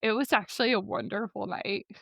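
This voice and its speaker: A woman's voice: medium pitch, a little fast, vocal fry, a bit bright, no room sound. A woman co-hosting a podcast in casual chat, chatty and enthusiastic, laughing easily. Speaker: podcast co-host.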